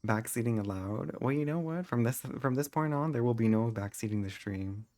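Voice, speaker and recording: A man's voice: brisk, darkish tone. Sassy theatrical male streamer. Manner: sassy, theatrical, calls chat divas; voice leaps high when exclaiming. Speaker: game streamer. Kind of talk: live stream chatting with chat.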